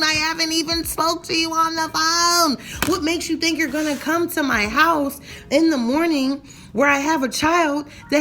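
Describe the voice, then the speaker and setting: Young woman, heated profane rant, higher voice, faint music. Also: a bit bright. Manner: blunt, profane, heated and emphatic. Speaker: vlogger. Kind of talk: ranting storytime vlog.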